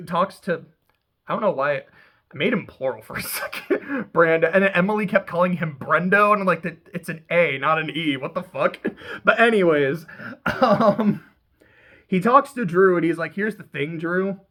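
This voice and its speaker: A man's voice: high voice, fairly bright tone. A man hosting a casual recap, rambling and swearing, laughing often as he paraphrases what others said. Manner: rambling, profane, laughs often, quotes people in quick paraphrase. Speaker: podcast host recapping a reality show.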